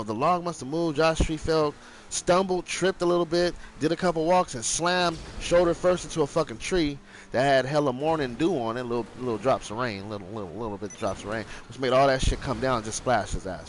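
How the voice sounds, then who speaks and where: A man's voice: medium pitch, slight background noise. A young man casually telling a rambling, profane childhood story, acting out the other people with raised voices.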